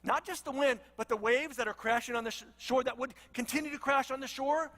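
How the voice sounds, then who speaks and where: High, bright-voiced preacher in a hall. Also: male voice, a little fast. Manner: conversational, storytelling, animated asides. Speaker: pastor. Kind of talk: sermon.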